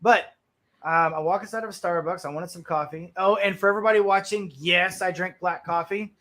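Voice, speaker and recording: A man hosting a blunt talk stream, telling stories in a profane, animated way and stumbling over repeated words when worked up. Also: sits high, a little fast. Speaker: stream host. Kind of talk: blunt casual storytelling.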